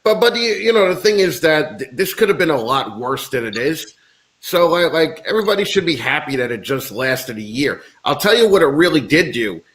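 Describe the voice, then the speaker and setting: A man's voice: a little high, very animated, brisk, fairly bright tone. A man from the United States, a guest in a casual chat, talking bluntly with lots of swearing and ranting.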